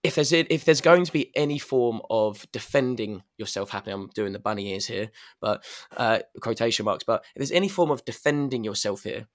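A man's voice: medium pitch, animated, a little fast, hardly any pauses. A man on a podcast, talking candidly in a rambling, self-correcting way. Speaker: podcast guest. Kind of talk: casual chat.

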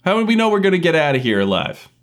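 A man's voice: on the high side, very animated, racing. Man blustering in character at a game. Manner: blustering, threatening, joking. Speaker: player. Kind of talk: in-character tabletop play.

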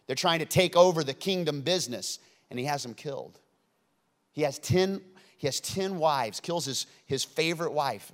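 A man's voice: a little high, in a large hall. Joking storytelling male pastor. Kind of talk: sermon.

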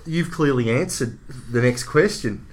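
An Australian man co-hosting a casual motorsport podcast, bantering and excitable. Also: mid-range voice, a little slow. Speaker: podcast co-host.

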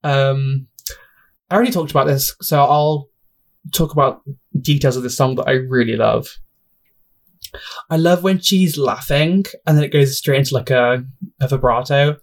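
A young man talks alone on his podcast in an easy, chatty way. He gushes, laughs at himself, drifts off topic and keeps apologizing, in a voice of ordinary pitch. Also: moderate pace, pauses often. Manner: gushing, self-deprecating, sidetracks and apologizes often. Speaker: podcast host. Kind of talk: casual solo podcast chat.

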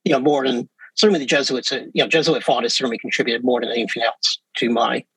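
Husky English Canadian man, chatty. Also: mid-range voice, fast talker, no echo, poor audio. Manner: relaxed, chatty, frequent fillers and restarts. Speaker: professor and guest. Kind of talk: casual interview talk.

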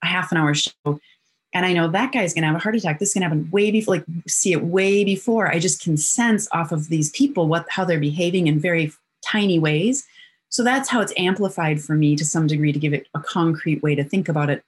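A middle-aged woman, a guest on an interview, telling personal stories in an animated way and acting out the voices in them. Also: on the low side, fairly quick, husky. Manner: animated storyteller who acts out quotes.

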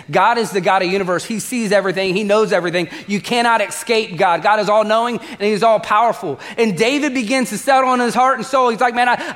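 A male pastor delivers a sermon in a fairly high, bright-edged voice, slipping into character voices as he tells the story. He talks in a conversational way with quick asides to the congregation. The sound carries a long reverb from a large church hall.

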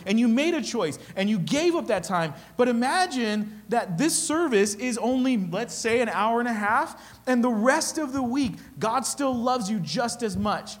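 A man's voice: extremely high pitch, expressive, moderate pace, hardly any pauses, big-room sound. A man preaching a sermon as pastor, emphatic, often repeating phrases and asking "okay?".

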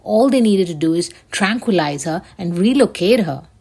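A woman's voice: lowish voice, animated, normal speed, a little mellow, breathy edge. A woman hosting her own show, talking in a rambling, emphatic way with plenty of swearing. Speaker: show host. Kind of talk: casual solo commentary.

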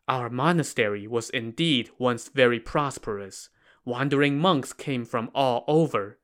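A man voicing starving, frightened old monks who plead in a soft, tired way. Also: medium pitch, takes it slowly. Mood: weary. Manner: pleading, weary.

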